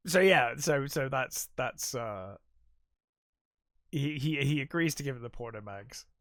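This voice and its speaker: A podcast co-host with a medium-pitched, fairly bright, animated voice speaks a little slowly in a dry, studio-quality recording. In casual film review chat, he retells scenes using quoted voices, laughing often and using lots of fillers.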